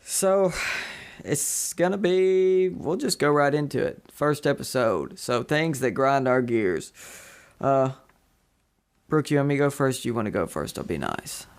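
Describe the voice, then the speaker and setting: This man hosts a casual podcast chat and wanders through his thoughts, full of fillers and restarts. His voice sits at a middling pitch with a gravelly, creaky edge. He never settles into a tidy sentence. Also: animated, unhurried. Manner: rambling, lots of fillers and restarts. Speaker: podcast host.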